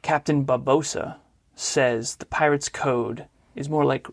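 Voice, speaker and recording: Upbeat male co-host with some vocal fry, casual podcast talk. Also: mid-range voice, steady tone, a little slow.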